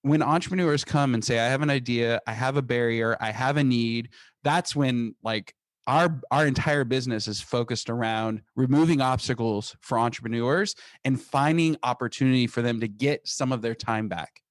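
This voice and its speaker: A man's voice: medium pitch, moderate pace, dry recording. A man, a company founder, talking energetically as an interview guest, often restarting and repeating words. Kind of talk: conversational podcast interview.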